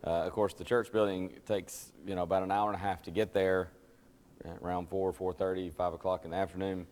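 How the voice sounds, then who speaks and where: A man's voice: low-pitched, level tone, fairly quick, darkish tone. A tired man, chatting and telling stories before teaching a church Bible class, laughing at himself as he goes. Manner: chatty, self-deprecating, laughs at his own stories. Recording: long hall reverb.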